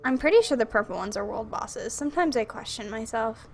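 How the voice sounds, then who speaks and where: A woman's voice: fairly high pitch, expressive, brisk, soft background music. A young woman from Minnesota with a Minnesotan accent, chatting and giggling casually as she streams a video game. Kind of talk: casual chat while playing a video game.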